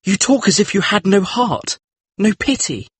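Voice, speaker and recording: A man plays a troubled, earnest painter in an audiobook drama. His husky voice sits a little high and rises and falls a lot as he pleads. The sound is dry and close. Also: expressive, moderate pace, no echo. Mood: pleading.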